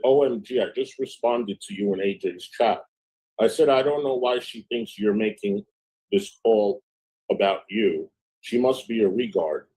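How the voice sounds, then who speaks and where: Husky man reading chat messages aloud. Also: on the low side, mellow, low-quality recording. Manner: reads messages aloud with frequent "I said, she goes" narration; casual, profane asides. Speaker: livestream host.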